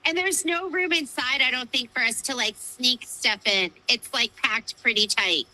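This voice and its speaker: A woman's voice: fairly high pitch, moderate pace, bright, forceful tone, slight background noise, low-quality recording. A woman co-hosting a shop livestream, chatting casually and explaining things plainly. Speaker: shop co-owner and livestream host.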